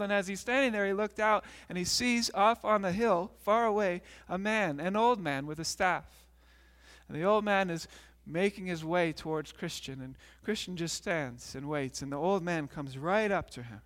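High-voiced pastor in a reverberant hall. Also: male voice, moderate pace. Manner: animated storytelling, acts out characters. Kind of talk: sermon and children's story retelling.

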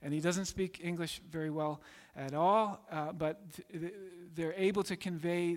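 A man preaching a sermon, emphatic and direct, sometimes acting out voices. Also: high voice. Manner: emphatic, acts out voices in quotes. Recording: long hall reverb.

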